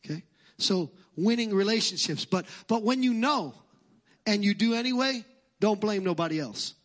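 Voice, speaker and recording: A man's voice: sits high, animated, moderate pace. A male pastor with a Brooklyn accent preaching a sermon in church, emphatic and fond of repeating phrases.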